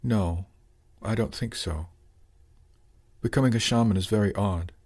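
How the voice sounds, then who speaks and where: A man voicing a quiet, shy teenage boy who is becoming a shaman, speaking softly and simply. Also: on the low side, a little slow, husky. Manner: soft-spoken, simple and shy.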